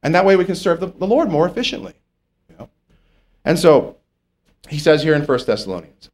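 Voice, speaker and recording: A man preaching a sermon in a conversational way, often checking in with his listeners and swinging between loud and soft. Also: a little high, expressive, brisk, long pauses.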